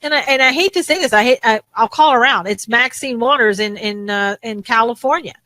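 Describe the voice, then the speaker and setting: A woman co-host talks politics in an animated, indignant rush, often restarting her sentences. Her voice sits a little high and sounds bright and forceful. The recording is dry and close. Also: fairly quick, no room sound, rough recording. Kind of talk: casual political talk show chat.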